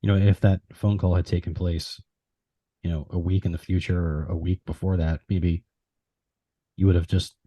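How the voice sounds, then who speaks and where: Deep-voiced, husky male podcast host. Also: flat delivery, moderate pace, mellow, dry recording. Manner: thoughtful, musing reactions. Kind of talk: casual interview chat.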